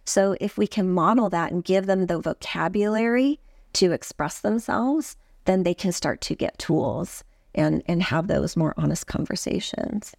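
A woman with a lower voice talks through parenting advice as an interview guest, slipping into little quoted lines a parent might say. The sound is dry and close, with no room around it. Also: expressive, normal speed, gravelly, no room sound. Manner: warm, explanatory, acts out parent-child quotes. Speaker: trauma expert guest. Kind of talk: podcast interview.

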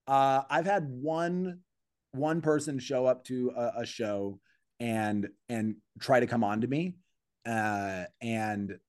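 A male comedian spins a story in an easygoing podcast chat, jumping up in pitch whenever he acts out what someone said. His phrases restart and pile up as he thinks aloud. The sound is dry and close, with no room around it. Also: no room sound. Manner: animated storyteller acting out quoted voices, with many restarts. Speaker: comedian guest. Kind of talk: casual storytelling in a podcast interview.

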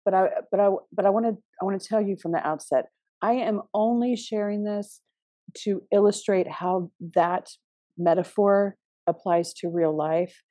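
Husky, mellow-voiced woman podcaster. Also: medium pitch, normal speed, no echo. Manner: meandering, hesitant, with frequent restarts. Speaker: podcast host. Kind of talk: reflective spiritual podcast monologue.

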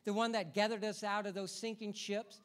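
A man preaching a sermon as pastor, swinging between hushed asides and loud, urgent calls, often repeating words and putting questions to the congregation. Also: sits high, flat delivery, fairly quick.

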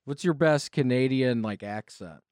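A man's voice: mid-range voice, normal speed, a little mellow, no room sound, studio quality. Playful male talk show host. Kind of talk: casual chat.

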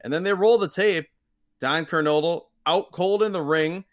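A man's voice: fairly high pitch, normal speed. Wry man hosting a chat podcast. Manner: wry, quotes lines in mock voices, dry asides. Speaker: podcast host. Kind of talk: casual chat reviewing old wrestling.

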